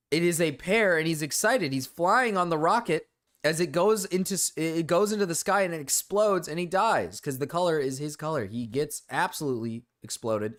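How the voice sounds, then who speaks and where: A young man streaming live and reacting to videos, excitable and giggly, swearing freely. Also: a little high.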